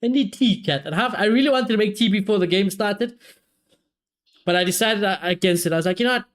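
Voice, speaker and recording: A man's voice: sits high, a little fast. Chatty man hosting a football watchalong. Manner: chatty, reacts loudly to chances. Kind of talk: casual live match commentary.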